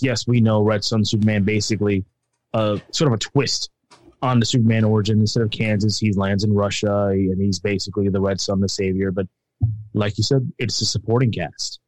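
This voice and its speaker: Brief: middle-aged male host, upbeat chat, lowish voice, dry sound, video call. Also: steady tone, a little fast, a little mellow, no echo. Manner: upbeat, chatty, self-correcting. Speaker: podcast host. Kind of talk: casual chat.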